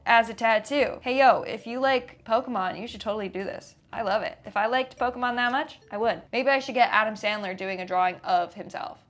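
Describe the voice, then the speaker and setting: A woman's voice: fairly high pitch, brisk, hardly any pauses, a bit bright, faint music behind. A woman hosting a comedic reaction video, chatty and sarcastic with playful asides. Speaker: host.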